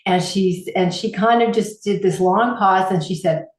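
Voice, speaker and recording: A woman's voice: mid-range voice, moderate pace. A woman guest, a holistic healer, telling stories in an interview and acting out the people she quotes. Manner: animated, acts out quoted voices. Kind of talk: interview storytelling. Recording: roomy echo.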